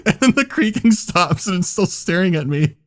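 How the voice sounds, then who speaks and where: A man's voice: sits high, lively intonation, normal speed. A man hosting a podcast, telling a story in casual chat, laughing often and swearing freely. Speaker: podcast host.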